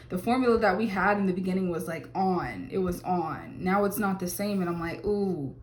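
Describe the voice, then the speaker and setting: A woman's voice: lowish voice, normal speed, few pauses, darkish tone, reverberant. A woman giving a casual tarot reading to camera, chatty, with many fillers and exclamations. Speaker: tarot reader.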